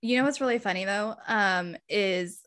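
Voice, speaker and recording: A woman's voice: medium pitch, moderate pace. Enthusiastic woman in casual chat. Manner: relaxed, enthusiastic, filler-heavy. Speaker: podcast guest, podcaster.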